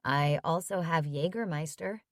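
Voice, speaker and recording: A woman reading a gentle, caring friend. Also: sits low, unhurried, no room sound, clean studio sound, voice pushed down. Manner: gentle, calm, reassuring.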